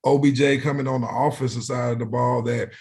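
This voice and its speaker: A man's voice: medium pitch, steady tone, brisk, vocal fry, a little mellow, slightly rough. A man in his thirties, a former pro football player co-hosting a podcast, laid-back and slangy. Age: 30s. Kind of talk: casual sports analysis chat.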